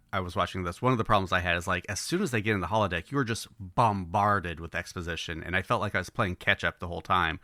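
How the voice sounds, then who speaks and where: A man co-hosting a podcast, talking in a thoughtful, measured casual way. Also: low-pitched, sharp tone, no echo, studio quality. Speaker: podcast co-host. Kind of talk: casual chat.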